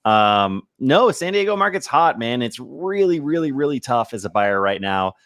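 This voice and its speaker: A man's voice: medium pitch, big pitch swings, moderate pace, a bit bright, dry recording, clean studio sound. A man who is a realtor, guest on a casual livestream, talking in an easygoing, upbeat way.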